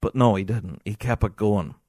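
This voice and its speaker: A man with a Scottish accent hosting a podcast, telling an exasperated, animated anecdote in casual talk. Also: lowish voice, moderate pace, no echo, studio quality. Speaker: podcast host.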